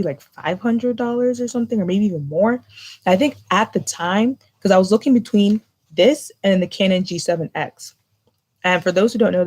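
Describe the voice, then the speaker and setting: A woman's voice: lowish voice, darkish tone. A young woman chatting casually on a live stream, filling her talk with lots of "like". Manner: chatty, filler-heavy with lots of "like". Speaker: vlogger.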